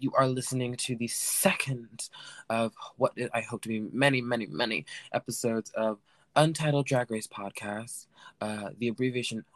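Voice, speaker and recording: A man hosting his own podcast, talking in a camp and playful way that rambles through fillers and asides. His voice sits at an ordinary middle pitch. The sound is dry and close, with no room around it. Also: no echo. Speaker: podcast host. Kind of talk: casual solo recap podcast.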